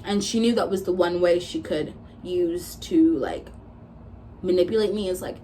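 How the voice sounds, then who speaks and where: A warm, lowish voice at a moderate pace carries this casual storytime rant from a vlogger in her twenties, with slight background noise. She speaks bluntly and swears, replaying arguments through quoted back-and-forth.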